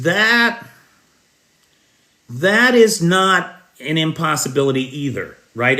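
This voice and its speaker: An American man delivers live news commentary and answers viewers' questions in a bright, forward, medium-pitched voice. He speaks slowly, stressing key words with indignation and throwing in the occasional sarcastic jab.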